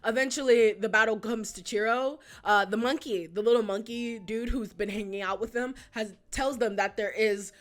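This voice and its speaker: A woman's voice: on the high side, steady tone, normal speed, few pauses. A woman in her twenties talking casually as a video host, chatty and full of asides and rhetorical questions. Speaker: YouTube host. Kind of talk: casual retrospective commentary.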